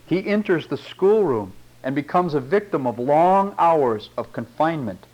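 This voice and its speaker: A man's voice: a little high, big pitch swings, moderate pace, hardly any pauses, a little mellow, lo-fi sound. A middle-aged man preaching a sermon, reading long quotations aloud and commenting on them with rhetorical tag questions.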